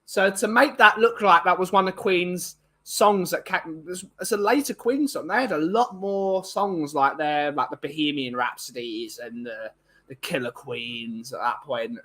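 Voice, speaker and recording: A man's voice: a little high, a little slow, pushed and bright. A young man chatting casually and opinionatedly to viewers, rambling with many restarts. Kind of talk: casual chat.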